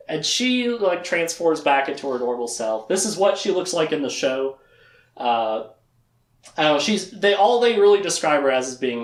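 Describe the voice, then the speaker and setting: A chatty storyteller retells a fantasy plot in a loose, giggly way. The pitch swings widely as they talk, and the voice bounces around a roomy, echoey space. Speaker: book series lecturer. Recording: roomy echo.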